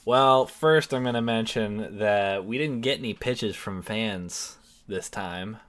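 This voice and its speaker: A man's voice: fairly low pitch, slow, fairly bright tone. A man co-hosting a podcast, reading the outro announcements in a friendly way. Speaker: podcast co-host.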